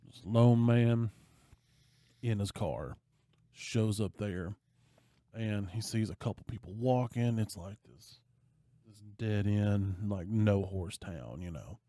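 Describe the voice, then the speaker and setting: A man's voice: lowish voice, slow, no room sound, studio quality. A man co-hosting a podcast, telling a movie plot in casual chat and acting out the characters' lines as he goes. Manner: animated storyteller, acting out quoted lines. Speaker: podcast co-host.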